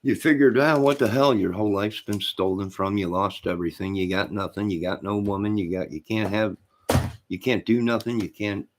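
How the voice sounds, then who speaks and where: A man's voice: low voice, fairly even intonation, normal speed, noisy background. A man hosting a live stream, rambling in casual chat with his viewers, often repeating himself and addressing them by name.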